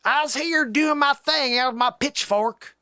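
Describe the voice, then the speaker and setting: A man voicing a rowdy southern man with a pitchfork, hollering in a put-on American Southern accent. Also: a little slow, bright, forceful tone, dry recording, clean studio sound, heavily acted.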